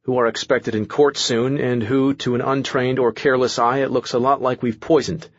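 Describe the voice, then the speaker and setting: A man's voice: mid-range voice, little pitch movement, normal speed, dry recording, lo-fi sound, lightly acted. A man voicing an anxious young man in an audiobook, nervous and rambling as he talks.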